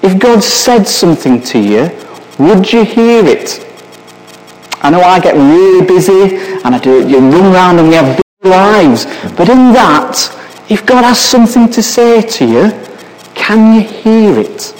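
A man preaching in a church hall, his voice sitting a little high and swinging widely in pitch. He speaks slowly and keeps turning to his listeners with questions. Long reverb trails every phrase. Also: lively intonation, darkish tone. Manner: asks the listeners many searching questions. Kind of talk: sermon.

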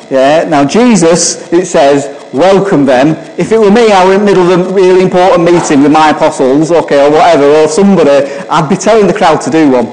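A man's voice: on the high side, a little mellow. A man preaching an informal sermon, chatty and often asking the listeners questions. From England. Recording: long hall reverb.

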